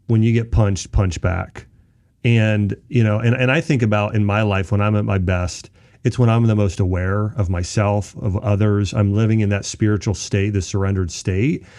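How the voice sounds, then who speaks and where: A man's voice: lowish voice, mellow. A man hosting a podcast, reflecting thoughtfully in a casual interview chat. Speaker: podcast host.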